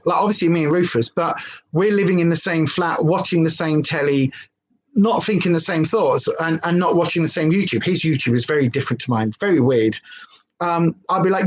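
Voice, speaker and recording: A woman's voice: sits low, a little fast. Chatty woman vlogger. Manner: chatty, rambling, candid. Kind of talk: casual live-stream chat.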